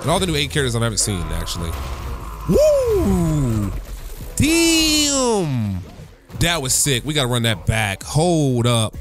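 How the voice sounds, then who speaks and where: A young male gaming YouTuber talks in a casual, slangy way, and his voice swings widely in pitch as he gets hyped. He keeps breaking into loud bursts of excitement. Faint game music plays behind him. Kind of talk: casual gaming reaction commentary.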